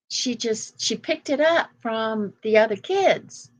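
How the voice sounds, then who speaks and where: A woman's voice: medium pitch, lively intonation, unhurried. An older woman hosting a casual live chat, rambling through stories and laughing often. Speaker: host.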